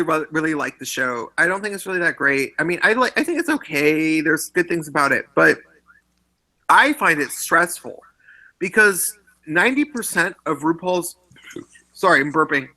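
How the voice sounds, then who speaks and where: Guy with a high bright voice, rambling animated chat, lots of restarts, clip-on mic. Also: moderate pace, rough recording. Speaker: vlog host. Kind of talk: casual chat. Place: indoors after a film screening. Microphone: wireless clip-on mic.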